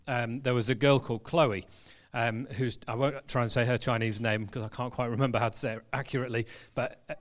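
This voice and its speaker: Speaking at a medium pitch in a church hall, a pastor delivers his sermon as easygoing storytelling, with fillers and restarts along the way.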